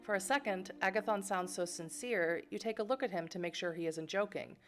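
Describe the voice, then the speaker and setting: A woman's voice: medium pitch, a little fast, faint music behind. A young woman streaming a narrative game, chatting playfully with many fillers and laughs while reading the game text aloud.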